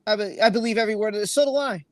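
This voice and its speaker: Talking rapid-fire in a high-pitched voice, with no room sound, a male livestream host reads viewer comments aloud. He's earnest and emotional, says things more than once, and curses without restraint.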